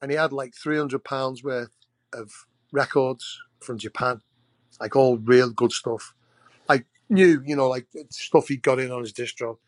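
A man's voice: medium pitch, unhurried, no room sound. A man, a wrestler guest on a podcast, telling long casual anecdotes that ramble and restart often. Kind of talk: casual storytelling.

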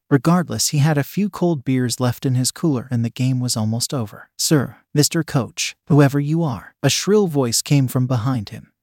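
Male story narrator, even matter-of-fact read, mid-pitched, dry close mic. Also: no room sound.

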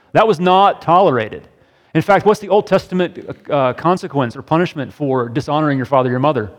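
Middle-aged man, pastor, conversational group sermon, keeps asking "right?", medium pitch, long hall reverb. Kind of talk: interactive sermon discussion.

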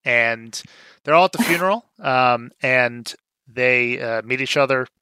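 Young guy on a podcast, very bright voice, super dry close mic, chill with lots of ums. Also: medium pitch, unhurried, clean tone, no room sound. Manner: relaxed, lots of fillers, animated when retelling scenes. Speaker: podcast co-host. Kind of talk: casual movie recap chat.

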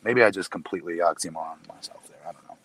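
A man's voice: low voice, very fast, a bit bright, slight background noise. A man co-hosting a casual podcast, talking loosely and laughing easily. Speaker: podcast co-host. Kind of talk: casual wrestling podcast chat.

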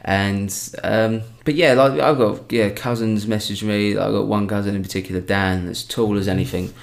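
Gravelly low-voiced man chatting. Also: fairly even intonation, moderate pace. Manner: chatty, rambling with many restarts. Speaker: stand-up comedian guest. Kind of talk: casual podcast chat.

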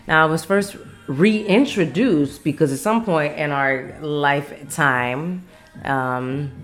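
A woman in her thirties from Las Vegas talks through her podcast in a low, easy voice. She rambles from one aside to the next and laughs often. Faint music sits under her voice. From Las Vegas, Nevada. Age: 30s. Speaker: podcast host. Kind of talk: casual solo podcast chat. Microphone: studio mic on camera.

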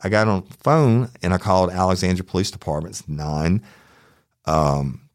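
A man hosting a true crime podcast, telling a personal story in a profane, animated way. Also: low voice, normal speed, no echo, studio quality. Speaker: podcast host.

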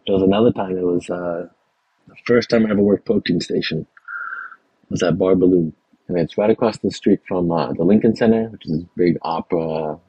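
Young chef from Texas, low gravel-free husky voice, animated storyteller, dry muffled sound. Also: male voice, a little fast, no echo. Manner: animated anecdotes with acted quotes, many fillers. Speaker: chef guest. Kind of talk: casual storytelling.

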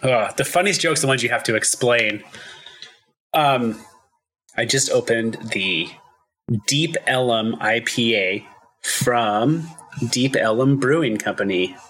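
A man hosting a casual podcast, making dry jokes and deadpan asides. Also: mid-range voice, takes it slowly, pauses often. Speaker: podcast host. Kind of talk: casual chat.

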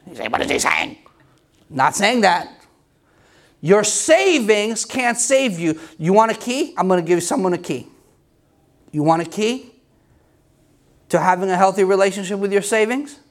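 A man's voice: sits high, animated, normal speed, pauses often. A middle-aged male pastor preaching an emphatic, conversational sermon with self-deprecating humor.

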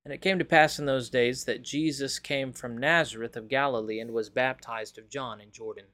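A man hosting a daily Bible reading, praying and reading scripture aloud in a measured, reverent way. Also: mid-range voice, a bit bright.

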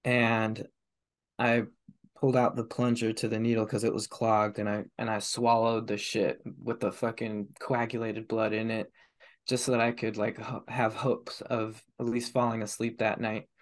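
Low flat-voiced man, raw and profane. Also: moderate pace. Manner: heavy swearing, raw and confessional. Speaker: podcast guest. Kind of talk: candid personal storytelling.

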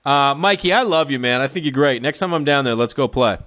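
A man's voice: mid-range voice, lively intonation, a little fast, fairly bright tone. A man hosting a golf podcast, teasing his callers in loose, joking chat. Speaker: podcast host. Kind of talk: casual comedic podcast talk.

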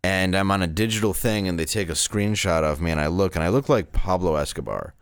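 A man's voice: deep voice, brisk, smooth, dry recording, clean studio sound. A man in his thirties, a stand-up comedian, telling candid, rambling stories in a casual interview.

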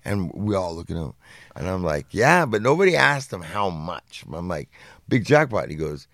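A middle-aged man telling a profane, animated story in casual podcast chat, acting out what people said. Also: deep voice, normal speed, creaky, no echo, studio quality. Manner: profane, animated anecdote with acted-out quotes. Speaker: podcast co-host.

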